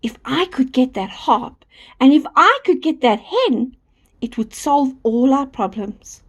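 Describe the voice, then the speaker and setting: A quiet, hopeful young boy, read by a woman. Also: sits high, expressive, unhurried, breathy edge, exaggerated voice.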